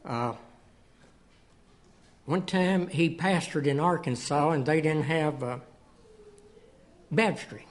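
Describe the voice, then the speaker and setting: A man speaks to a congregation in folksy, storytelling fashion. His voice sits fairly high. He is a guest speaker giving testimony from the pulpit. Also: slow, long pauses. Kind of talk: church testimony and sermon. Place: church sanctuary.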